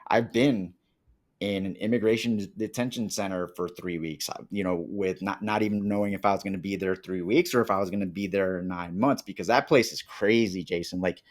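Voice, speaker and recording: A man from Colombia with a fairly low voice talks through his past as a podcast guest. He is animated and slips into the voices of people he quotes. The tone is casual and conversational. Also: fairly quick. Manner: animated, acts out quoted dialogue. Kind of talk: casual interview storytelling.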